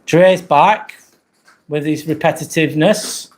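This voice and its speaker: A man with an English accent hosts a casual live stream from inside a rented apartment, chatting and answering viewer comments as they arrive. His voice is a little high and slow, with slight background noise.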